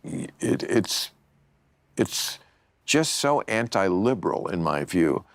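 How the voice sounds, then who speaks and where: Blunt, low-voiced male podcast host. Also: big pitch swings, slow pace, no room sound, clean studio sound. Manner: blunt, opinionated, swears casually. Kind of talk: casual chat.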